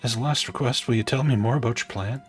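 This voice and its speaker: A man's voice: medium pitch, quick pace. Sarcastic male game streamer. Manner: sarcastic, joking. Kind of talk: let's play commentary. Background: game music.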